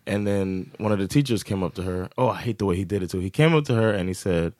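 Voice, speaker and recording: A man's voice: sits low, quick pace, hardly any pauses, no room sound, studio quality. A man co-hosting a podcast, telling a story in casual chat and acting out the quotes with lots of laughter. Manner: animated, laughing storyteller who acts out quotes. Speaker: podcast co-host.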